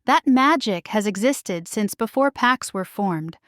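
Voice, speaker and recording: A woman reading a romance audiobook voices a powerful male werewolf alpha, speaking quietly and firmly. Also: animated, unhurried, no room sound, studio quality. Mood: tender. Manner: low, quiet, firm delivery. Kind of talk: scripted story narration.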